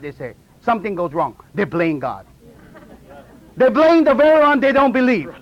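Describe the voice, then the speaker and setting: Lively high-voiced man preaching. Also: moderate pace, muffled recording, some chatter behind. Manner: animated storytelling, laughing at his own jokes; non-native English grammar. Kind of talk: testimony sermon.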